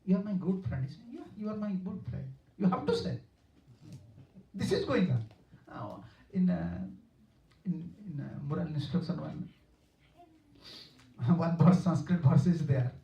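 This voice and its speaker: A man's voice: fairly high pitch, animated, a little slow, vocal fry, long pauses, highs cut off. A man giving a devotional lecture as a spiritual teacher, telling stories earnestly, repeating himself and chuckling, recorded from a distance in a hall. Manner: earnest, repetitive, chuckling storyteller. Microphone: room mic, far off.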